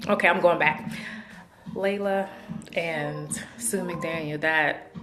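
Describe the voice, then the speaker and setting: A woman's voice: low voice, fairly even intonation, slow pace. A woman hosting her own show, chatting casually and effusively to her viewers. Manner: effusive, chatty, thankful shout-outs. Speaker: show host. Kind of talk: casual video chat.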